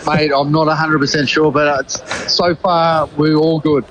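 A man's voice: on the high side, a little slow, slight background noise, poor audio. A man with a New Zealand accent, a former rugby player calling in from abroad and telling stories with lots of laughter. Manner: excitable, laughing storyteller. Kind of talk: casual phone-in chat.

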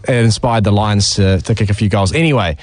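A man co-hosting a sports talk radio show, animated and full of ideas. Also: a little fast, no room sound. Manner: animated, pitches ideas, fillers. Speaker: radio co-host. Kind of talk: casual sports radio chat.

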